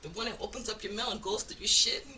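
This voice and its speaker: A woman's voice: medium pitch, steady tone, fast, sharp tone, distant mic, slight background noise. A woman giving a casual oracle card reading, blunt and profane, with frequent laughs. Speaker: spiritual card reader.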